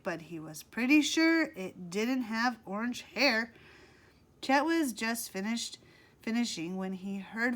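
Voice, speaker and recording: A woman narrating a children's book aloud in a slow, expressive read-aloud manner. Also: a little high. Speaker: audiobook reader. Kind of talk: storybook narration.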